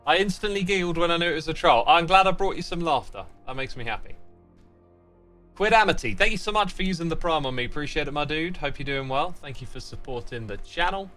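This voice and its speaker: Lively, bright-voiced man streaming. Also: fairly high pitch, quick pace, faint music behind. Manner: reads chat messages aloud and answers them while playing; playful, teasing fake sign-offs. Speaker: livestream host. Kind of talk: casual gaming livestream chat.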